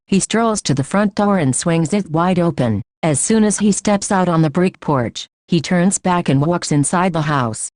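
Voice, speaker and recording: Low-voiced woman reading a novel. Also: no room sound. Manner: steady and even, reads prompts aloud. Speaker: narrator. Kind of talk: first-person novel reading.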